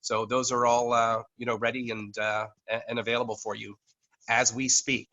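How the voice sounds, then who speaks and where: A man talks through a video-call microphone in a bright, forward voice. He speaks haltingly, full of fillers and restarts, and now and then coughs from allergies. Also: medium pitch, level tone, poor audio. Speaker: network marketing leader presenting to a team. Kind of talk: online business meeting presentation. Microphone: computer microphone on a video call.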